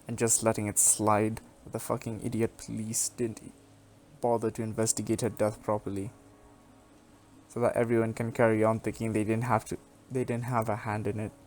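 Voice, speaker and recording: A man's voice: lowish voice, little pitch movement, moderate pace, a little mellow, a little hiss or hum, close to an everyday voice. A man reading the lines of a distraught young woman who accuses her small town, in an angry, heavy-hearted manner. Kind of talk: reading game dialogue aloud.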